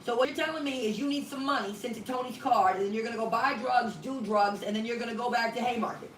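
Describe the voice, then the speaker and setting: A woman's voice: a little high, fast talker, fairly bright tone. A woman ministry leader on a phone call, talking firmly and bluntly while pleading. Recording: roomy room, distant mic, faint noise.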